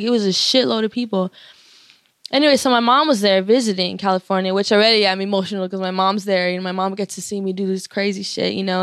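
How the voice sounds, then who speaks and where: A woman's voice: medium pitch, no echo, clean studio sound. A young woman rapper in her twenties telling a story casually, full of swearing, fillers and laughter. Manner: loose, profane, many fillers, laughs often.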